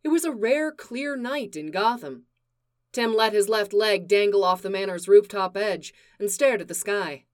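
A woman reading fan fiction aloud in a slow, deliberate narration. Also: mid-range voice. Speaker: reader.

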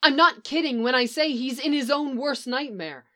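A woman's voice: high-pitched, moderate pace, sharp tone, voice pushed up. A woman reading the part of a determined, frustrated young woman who speaks insistently. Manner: urgent, insistent.

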